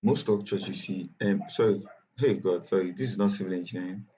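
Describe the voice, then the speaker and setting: A man with a Nigerian English accent teaching a live online software class, chatty and repetitive, often correcting himself. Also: low-pitched, brisk, dull audio, a little hiss or hum. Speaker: bootcamp instructor.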